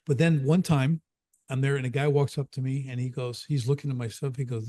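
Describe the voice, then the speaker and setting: A man's voice: medium pitch, quick pace, warm tone, no echo, studio quality. A middle-aged man from the Chicago area, an emphatic business coach who tells stories and keeps repeating key points, often checking in with "right?". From Chicago area, USA. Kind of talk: casual podcast conversation.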